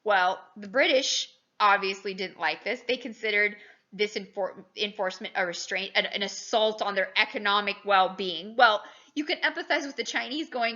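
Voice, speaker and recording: Animated woman teaching history, lo-fi. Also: moderate pace. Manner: animated, rhetorical questions, dramatic pitch jumps. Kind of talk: recorded lecture.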